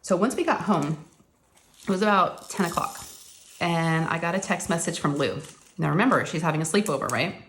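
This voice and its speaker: A woman's voice: lowish voice, brisk, a bit bright, a little hiss or hum. A woman, chatting casually to her viewers in a rambling story told with lots of fillers. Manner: rambling, addresses viewers as y'all, uses many fillers. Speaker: crafting channel host.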